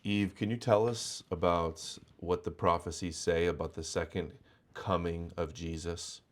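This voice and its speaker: A man's voice: sits low, fairly even intonation, a little slow, background noise. A man hosting a live-stream talk show, talking in a blunt, mocking, provocative way. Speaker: host.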